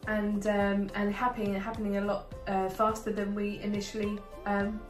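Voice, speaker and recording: A woman's voice: mid-range voice, monotone, moderate pace. Earnest woman in her thirties. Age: 30s. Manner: earnest, thoughtful, with frequent fillers. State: heavily pregnant. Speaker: co-host of a couple's channel. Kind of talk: casual chat. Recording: roomy, distant mic, clear music behind.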